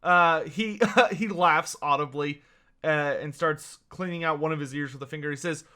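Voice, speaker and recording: A man's voice: on the high side, normal speed, bright, forceful tone, smooth. A man running a tabletop game as game master, narrating with lots of hesitation and fillers.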